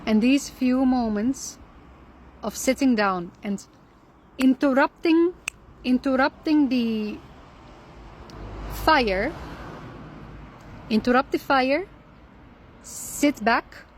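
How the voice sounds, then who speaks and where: A woman with a fairly high voice gives reflective spiritual advice to her listeners. She speaks calmly and earnestly, often repeating a key phrase to drive the point home. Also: extremely slow, pauses often, slight background noise. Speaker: Islamic lifestyle speaker.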